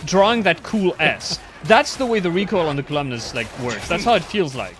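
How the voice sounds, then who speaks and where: A man's voice: a little high, expressive, a little fast, noisy background. A man in casual voice-chat banter, telling crude jokes about a game. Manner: crude, joking, storytelling. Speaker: streamer.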